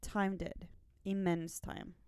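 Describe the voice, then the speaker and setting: A woman co-hosting a podcast, chatting casually about comics and often chiming in with quick agreement. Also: fairly low pitch, level tone, mellow, smooth, no room sound, studio quality. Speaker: podcast co-host.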